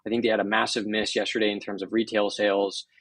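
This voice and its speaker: A man's voice: on the low side, little pitch movement, fast talker, a bit bright, dry recording. Analytical man explaining market data. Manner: fluent and analytical, explains macro data step by step. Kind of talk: casual interview commentary.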